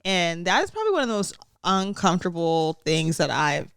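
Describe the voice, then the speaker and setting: A woman's voice: fairly low pitch, very animated, fairly quick, gravelly, fairly bright tone, clean tone, no room sound, studio quality. A young woman co-hosting a podcast, telling candid stories in casual chat and laughing often. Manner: candid, chatty storytelling with frequent laughs. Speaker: podcast co-host.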